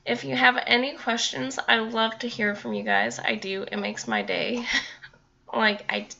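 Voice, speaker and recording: A young woman with a bright, forward voice chats to her viewers in a loose, rambling way, laughing now and then. The recording is a bit dull and lo-fi. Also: on the high side, very animated, a little slow, vocal fry. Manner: rambling, chatty, laughs often. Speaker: vlogger. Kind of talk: casual talk to camera.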